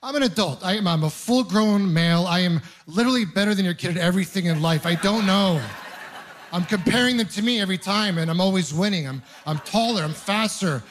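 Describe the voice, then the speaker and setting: A man in his thirties from Ontario doing a stand-up comedy set, telling stories with animated, acted-out voices. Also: high voice, a little fast. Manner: animated storytelling, acting out voices. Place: comedy club stage with audience.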